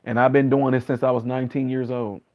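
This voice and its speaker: A man in his late thirties chats casually on a live stream, reading viewer comments aloud and earnestly repeating his points, sometimes acting out others' replies in a higher voice. His delivery is flat and fast, and the audio is muffled.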